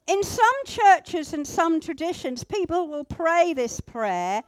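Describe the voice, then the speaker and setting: A woman teaching a group how to pray, gentle and instructive, with pauses. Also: very high-pitched, big pitch swings, no room sound. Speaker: church group leader. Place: indoor room with a group at tables.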